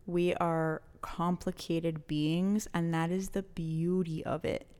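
A woman's voice: lowish voice, little pitch movement, slow pace, a little mellow, clear, resonant tone. A young woman co-hosting a podcast, talking with passion and emphasis, swearing freely and mixing in Spanish words. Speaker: podcast co-host. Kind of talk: casual podcast chat.

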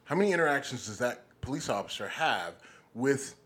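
A man's voice: medium pitch, big pitch swings, brisk, a bit bright. A man co-hosting a podcast in a studio, talking bluntly and with plenty of swearing as he gets heated. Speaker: podcast co-host. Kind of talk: casual chat.

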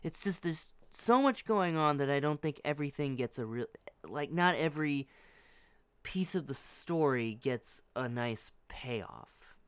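A man's voice: fairly high pitch, animated, a little slow, smooth, dry recording. A man co-hosting a podcast, chatting casually and rambling, hedging with many restarts. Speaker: podcast co-host. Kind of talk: casual chat.

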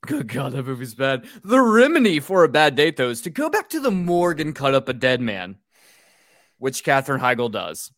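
A man hosting a podcast, recapping a film in a sarcastic, profane way. His voice sits at an average pitch and sounds dry and close, with no room around it. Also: moderate pace, dry recording. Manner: sarcastic, profane, animated quoting. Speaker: podcast host.

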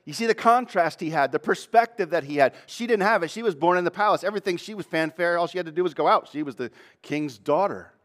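A man preaching a sermon in a slightly higher-than-usual voice. He reads a passage, then stops to explain it, and now and then acts out the people he quotes. His delivery builds toward more and more intensity. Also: animated, fast, a bit bright.

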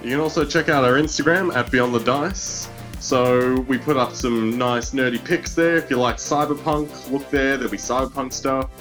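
A man's voice: medium pitch, a bit bright. An easygoing Australian man plugging his podcast's social media page. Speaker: podcast player. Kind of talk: casual podcast plug.

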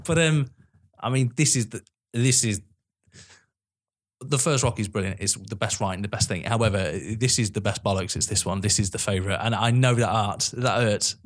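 A British man in loose conversation, excitable and quick to laugh. He swears freely as he talks things through with a friend. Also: on the low side. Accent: British English. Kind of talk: casual chat.

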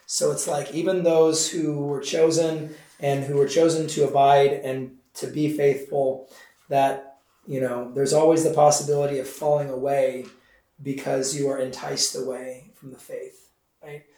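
A man's voice: mid-range voice, level tone, a little slow, mellow. A man who is a pastor, teaching a Bible study class in a casual, conversational way with many fillers, recorded in an echoey room from a distance. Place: church classroom. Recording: echoey room, mic far off.

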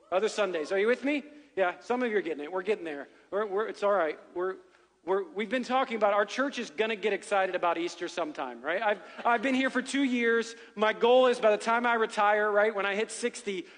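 A man's voice: high-pitched, big-room sound. A middle-aged man preaching as a pastor, chatty and joking, often checking in with "right?". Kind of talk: sermon. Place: church sanctuary.

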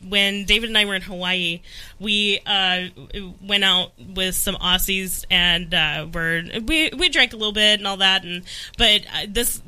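A woman's voice: medium pitch, measured pace, pushed and bright, clean tone. A woman chatting as a guest on a radio show, laughing often and restarting her sentences. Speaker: guest, pizzeria owner. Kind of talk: casual radio chat.

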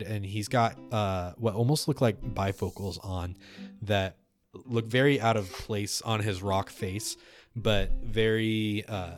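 Man game master, measured narration, low voice, soft guitar behind. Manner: descriptive, measured.

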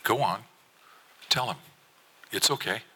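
A man voicing a calm mother who speaks softly and gently. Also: on the low side, slow, slightly rough, exaggerated voice. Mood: gentle. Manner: soft-spoken. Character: calm, gentle mother soothing her son.

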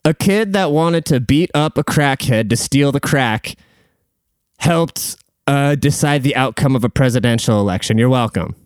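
A man's voice: mid-range voice, moderate pace, clean tone, dry recording, clean studio sound. A man hosting a casual solo podcast from a room at home, rambling bluntly and swearing freely. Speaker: podcast host.

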